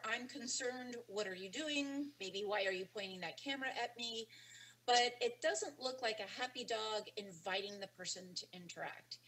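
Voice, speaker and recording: A woman's voice: medium pitch, fairly bright tone, slight background noise, low-quality recording. Woman explaining dog signals, many ums. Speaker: dog training instructor. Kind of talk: webinar lecture.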